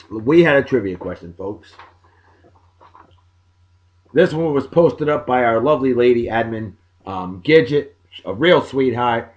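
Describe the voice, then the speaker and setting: A middle-aged man, hosting a casual podcast and giving exuberant, folksy birthday shout-outs. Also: medium pitch, highs cut off. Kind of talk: casual chat.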